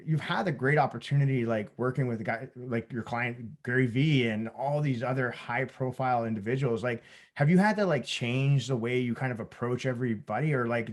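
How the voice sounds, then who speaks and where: A man hosting a casual podcast, asking loose questions full of fillers. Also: medium pitch. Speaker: podcast host.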